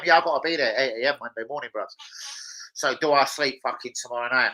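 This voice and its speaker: A man's voice: mid-range voice, fast, pushed and bright, poor audio. A young man chatting casually on a live stream at home, swearing freely and bantering with viewers. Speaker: livestreamer.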